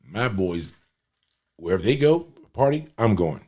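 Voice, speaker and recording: Blunt husky man telling a story. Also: on the low side, sing-song, unhurried, darkish tone. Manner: blunt, profane, rambling anecdote. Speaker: podcast host. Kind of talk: casual storytelling monologue.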